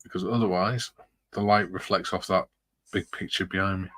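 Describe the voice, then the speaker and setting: A man's voice: sits low, steady tone, moderate pace, fairly bright tone, dry recording. A man casually rambling through anecdotes and reading chat on a live stream, chuckling often, in a room with the curtains closed.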